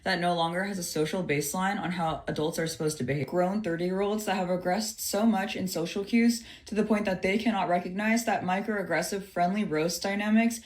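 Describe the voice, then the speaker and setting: Female commentator, low pitch, critical, scripted. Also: fairly even intonation, brisk, hardly any pauses, a little mellow. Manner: critical, matter-of-fact.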